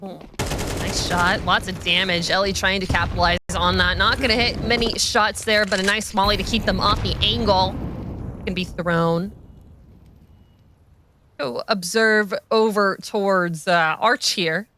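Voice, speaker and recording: A woman's voice: mid-range voice, steady tone, measured pace, noisy background. A woman casting a live esports match, chatty and giggly, giving color commentary. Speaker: esports caster.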